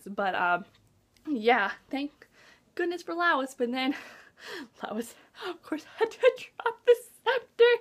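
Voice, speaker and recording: Chatty, slightly high-voiced woman vlogger. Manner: excitable, gasping, drops into whispers; chatty with many "like" fillers. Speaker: movie vlogger. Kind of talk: casual movie review chat.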